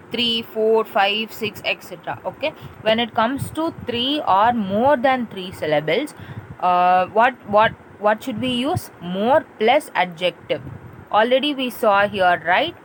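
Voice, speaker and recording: A woman's voice: mid-range voice, a little hiss or hum, rough recording. Patient woman teacher explaining grammar. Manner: patient, repetitive explaining with spelled-out letters and check-in questions. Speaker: English teacher. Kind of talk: classroom grammar lesson.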